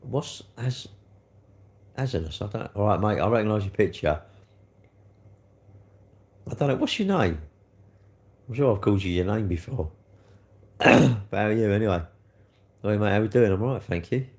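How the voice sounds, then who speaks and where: Guy chatting on his live stream, teasing viewers, a bit hoarse, fairly low voice. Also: animated, normal speed, pauses often. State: slightly hoarse throat. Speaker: livestream host. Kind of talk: casual livestream chat reading comments.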